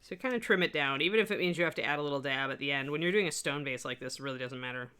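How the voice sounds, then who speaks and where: Low, bright-toned woman sculpting instructor. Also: racing, clean tone. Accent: slight US West Coast. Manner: chatty, rambling asides while working. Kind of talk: live-stream tutorial chat.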